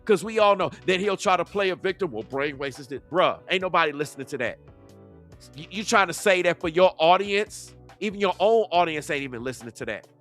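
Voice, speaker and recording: A man's voice: sits high, expressive, brisk, fairly bright tone, faint music behind. A man giving heated reaction commentary, confrontational and full of rhetorical questions. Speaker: YouTube commentator.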